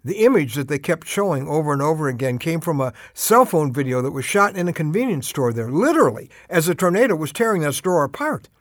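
An older man giving a short, earnest radio devotional, slowing to drive home urgent appeals. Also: on the high side, very animated, no echo, clean studio sound.

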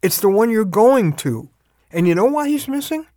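A man giving a short radio devotional, earnest and emphatic, with dramatic pauses. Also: sits high, big pitch swings, warm tone, dry recording, clean studio sound. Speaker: radio preacher.

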